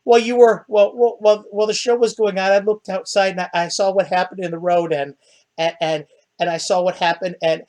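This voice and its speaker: A man's voice: high-pitched, fairly even intonation, brisk, a little mellow, natural voice. A man voicing a frightened little girl who stammers nervously in a tabletop game. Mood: scared, stammering.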